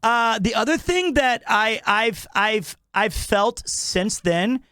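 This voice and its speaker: Man, comic storyteller, unhurried delivery, dry close sound, animated reactions. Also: high-pitched, clear, resonant tone, no echo. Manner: animated storytelling, acting out his own reactions with laughter. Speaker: podcast guest storyteller. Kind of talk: comedic anecdote.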